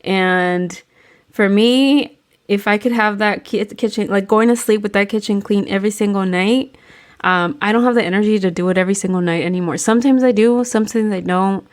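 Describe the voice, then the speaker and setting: A woman's voice: medium pitch, fairly quick. A woman co-hosting a casual podcast chat, rambling and hesitant, with a few Spanish phrases. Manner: rambling, hesitant, many fillers and restarts, some Spanish phrases. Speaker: podcast co-host.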